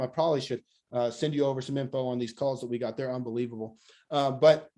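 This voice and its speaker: A man, an energetic shop owner giving a motivational business talk and acting out chats with customers. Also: fairly high pitch. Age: 40s. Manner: energetic, acts out customer conversations. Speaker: nutrition bar owner giving a training talk.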